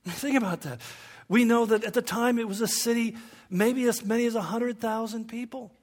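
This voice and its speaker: A man's voice: extremely high pitch, normal speed. A man preaching a sermon in a conversational way, with humorous asides and rhetorical questions.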